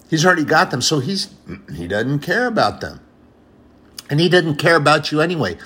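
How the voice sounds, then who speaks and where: A man's voice: on the low side, a bit bright, slightly rough. A man preaching an informal sermon in an earnest, conversational way, often repeating phrases and addressing brothers and sisters.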